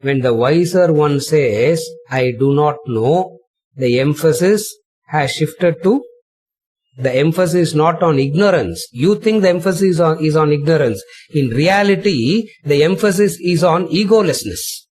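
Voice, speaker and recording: A man teaching a retreat lecture on scripture, slow and emphatic, repeating phrases and asking rhetorical questions. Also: a little high, animated, a little mellow, breathy edge. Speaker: spiritual teacher.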